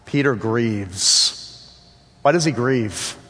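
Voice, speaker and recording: A man's voice: mid-range voice, very slow, fairly bright tone, in a large hall. A man preaching a sermon with emphatic repetition and rhetorical questions.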